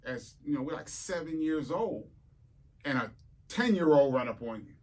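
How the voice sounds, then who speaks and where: Animated New man telling stories. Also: a little high, moderate pace. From New York City. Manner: animated, acts out quotes and voices in his stories. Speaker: guest. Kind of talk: casual interview storytelling.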